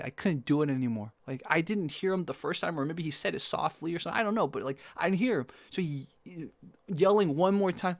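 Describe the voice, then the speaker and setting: Young male vlogger, animated storyteller, slightly high voice, dry close sound, outdoors. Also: no echo. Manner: animated, acts out quoted lines. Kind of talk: casual storytelling to camera. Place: outdoors in sunlight.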